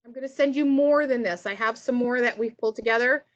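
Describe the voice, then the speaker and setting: High-voiced chatty woman leading a workshop. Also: quick pace, lo-fi sound. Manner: chatty, upbeat, keeps asking "right?". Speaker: teacher trainer. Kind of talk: casual online workshop presentation.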